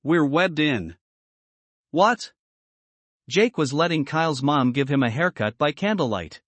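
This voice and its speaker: Lively man reading a story aloud. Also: a little high, measured pace, dry recording. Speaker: reader of the manuscript.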